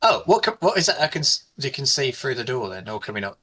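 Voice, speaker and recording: A man joking his way through a tabletop role-playing session. His voice is bright and lively, jumping around a lot in pitch, and his manner is playful and casual. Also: fast. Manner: jokey, playful. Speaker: player. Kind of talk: casual tabletop game play.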